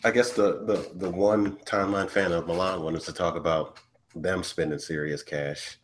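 A man's voice: low voice, fairly even intonation, moderate pace, a little hiss or hum. A man co-hosting a football podcast, teasing in casual chat. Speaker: podcast co-host.

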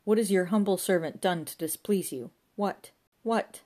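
A woman's voice: mid-range voice, normal speed, mellow, pitched above the performer's own voice, lightly acted. A woman doing a wailing, melodramatic pub landlord. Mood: outraged.

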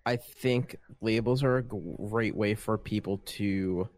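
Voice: medium pitch, slow, darkish tone. A participant in a casual group discussion over an online call, speaking hesitantly and repeating words.

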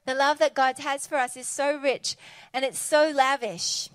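A woman preaching a sermon in an animated, conversational, enthusiastic way. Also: high-pitched, a little slow, dry recording.

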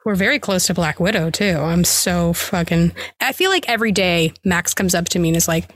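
A woman's voice: lowish voice, fairly quick, fairly bright tone, dry recording. A woman co-hosting a podcast in casual chat, blunt and sarcastic, swearing freely. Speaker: podcast co-host.

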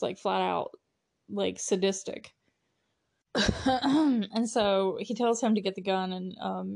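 A woman's voice: medium pitch, vocal fry, darkish tone. A woman hosting a podcast, recapping a film in a chatty, casual way with lots of fillers and frequent laughter. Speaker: podcast host.

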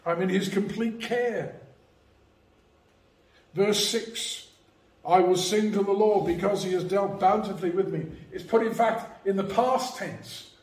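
A man preaching from the pulpit with slow, deliberate delivery and a slightly raised pitch. His voice rings through an echoey church, picked up from a little way off the mic. He is measured and emphatic, pressing on each key phrase. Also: distant mic. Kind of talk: sermon.

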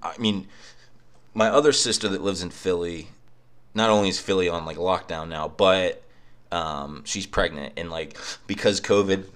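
Young guy, very low voice, cheap home mic, profane sarcastic rant. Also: moderate pace, fairly bright tone. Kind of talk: casual rant. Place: apartment. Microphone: cheap microphone.

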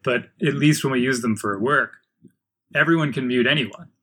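A man's voice: mid-range voice, moderate pace, sharp tone, slight background noise. A man in a casual chat who tells stories with animation and acts out other people's voices, and sits on a town committee.

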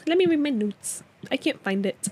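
A young woman co-hosting a podcast in casual chat, talking loosely with many fillers and quick laughs. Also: sits high, animated, darkish tone. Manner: chatty, lots of fillers and laughs. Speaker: podcast co-host.

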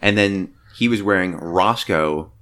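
Male podcast co-host, low voice, eager fan theorizing, casual. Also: unhurried. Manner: animated, theorizing fan talk with many fillers. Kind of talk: casual movie review chat.

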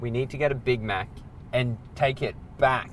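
A man's voice: mid-range voice, normal speed, fairly bright tone, a little hiss or hum. A man with an Australian accent hosting a radio show in casual chat, playful and teasing. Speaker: radio host.

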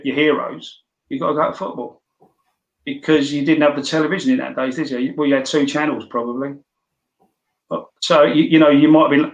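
A man's voice: on the high side, roomy sound, highs cut off. Rambling older London man. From London, England. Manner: rambling, anecdotal, many restarts. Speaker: interview guest. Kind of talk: casual storytelling.

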